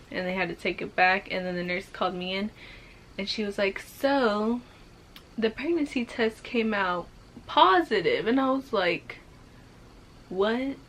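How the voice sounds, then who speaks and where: A pregnant young woman vlogs, casually telling a personal story to the camera, her mid-range voice fairly bright. She speaks slowly, leaning on fillers like "like," and becomes increasingly emotional.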